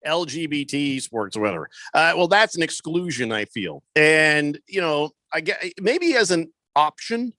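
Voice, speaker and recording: A man's voice: on the high side, very animated, normal speed, few pauses, sharp tone, dry recording. A man hosting a sports talk radio show in a studio, chatting casually with lots of fillers and restarts. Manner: conversational, rambling with many fillers. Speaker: radio host. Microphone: studio microphone.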